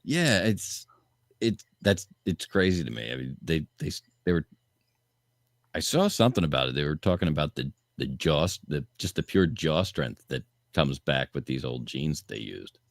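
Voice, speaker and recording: A very low-voiced man on a podcast, joking around with big sweeps in his pitch and a dry, close sound. He drops quick wry asides in relaxed banter. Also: creaky, no echo. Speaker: podcast co-host.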